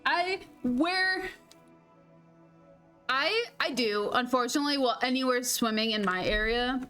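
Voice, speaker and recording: A woman's voice: high voice, animated, unhurried, sharp tone, smooth, soft background music. A woman streaming a video game, chatting casually with viewers, laughing often and swearing playfully. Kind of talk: casual gameplay chat.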